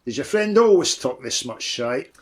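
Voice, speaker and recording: A man playing a gruff brutish warlock. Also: mid-range voice, animated, normal speed, close to an everyday voice. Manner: coarse, blunt slang.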